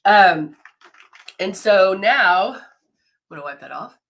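Bright-voiced stuffed-up woman hosting a live demo. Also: medium pitch, animated, takes it slowly. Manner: chatty, greets viewers by name, laughs often. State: stuffed-up nose from a head cold. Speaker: brand educator hosting a live makeup demo. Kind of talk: live-stream makeup tutorial.

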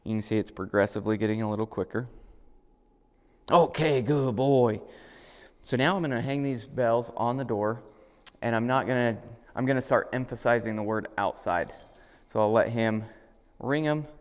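A middle-aged man, a dog trainer, explaining step by step how to train a dog, now and then praising the dog in a higher voice. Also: a little fast, clear, resonant tone. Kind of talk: instructional demonstration. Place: indoors at a home, moving outside. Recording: reverberant room sound.

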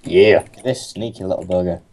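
A man's voice: deep voice, normal speed, a little mellow, a little hiss or hum. A young man playing a game with a friend, teasing and sarcastic in casual chat. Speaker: co-host gamer.

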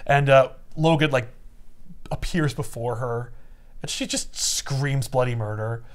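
A man's voice: mid-range voice, measured pace. A man casually retelling a comic story as a podcast host, acting out the characters. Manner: animated storyteller, acts out voices.

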